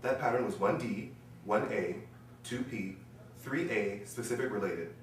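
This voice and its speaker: A man's voice: lowish voice, a little slow, slight background noise. A man from Florida, playing a choir director, explains a rhythm rule and then analyses his own teaching. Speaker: music education student playing a choir director. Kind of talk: role-played choir rehearsal with analysis. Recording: echoey room, voice from far off, faint ambience.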